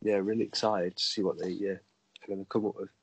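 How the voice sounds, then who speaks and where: A man's voice: sits low, level tone, fast, slightly rough, poor audio. A man chatting casually as a podcast co-host, hesitant, with many fillers and restarts. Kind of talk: casual chat.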